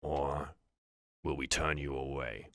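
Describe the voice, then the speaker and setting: A man voicing an old, calm and menacing male orc shaman who speaks slowly and deliberately. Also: a bass voice, no echo, studio quality, voice pushed down, full character voice. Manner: slow, measured.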